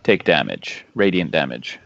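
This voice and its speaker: A man's voice: very deep voice, big pitch swings, moderate pace, gravelly, muffled recording, noisy background. A man playing a tabletop game, declaring his actions matter-of-factly. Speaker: player. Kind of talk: casual game chat.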